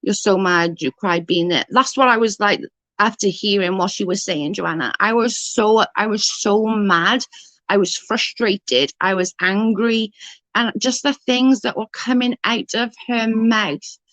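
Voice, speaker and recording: Indignant woman, live-stream commentator, dry close sound, mid-pitched voice. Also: a little slow, a bit bright, dry recording. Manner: outraged, emphatic, reads and answers chat.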